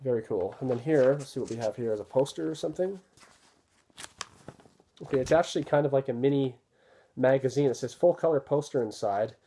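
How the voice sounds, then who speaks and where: A man casually talking through an unboxing, relaxed and rambling with many fillers. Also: mid-range voice, fairly quick, long pauses, slight background noise. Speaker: video host reviewing a disc set.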